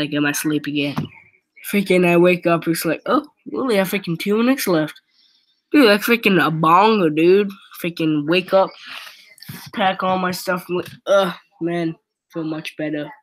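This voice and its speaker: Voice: mid-range voice, a bit bright, no echo, low-quality recording. A young teen vlogger telling a school story in a rambling, casual way, dropping "freaking" into nearly every sentence.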